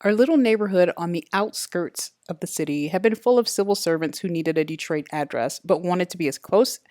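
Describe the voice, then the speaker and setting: A woman reading a first-person detective novel aloud in a steady, matter-of-fact way. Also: lowish voice, brisk, no room sound, studio quality. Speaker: audiobook narrator. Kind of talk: first-person audiobook narration.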